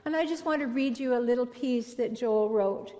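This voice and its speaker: A middle-aged woman giving a spiritual talk on relationships to an audience, telling stories with gentle emphasis. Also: on the high side, normal speed. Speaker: relationship speaker. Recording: long hall reverb.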